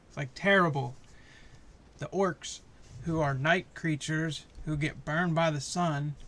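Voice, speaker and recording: A man's voice: a little high, gravelly, a bit bright, a little hiss or hum. A man giving a heated, profane, passionate review of a show, talking in a casual rant.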